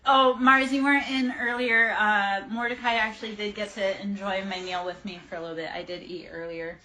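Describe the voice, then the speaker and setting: This tarot reader, a woman in her forties, runs a livestream where she talks casually with her audience and drifts off-topic while responding to chat. Her mid-range voice is steady and sharp, and she speaks fairly quickly.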